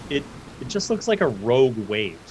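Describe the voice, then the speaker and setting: A man's voice: medium pitch, very animated, moderate pace, darkish tone, a little hiss or hum, rough recording. A man narrating a tabletop game as game master, with loose, vivid descriptions that act out side characters.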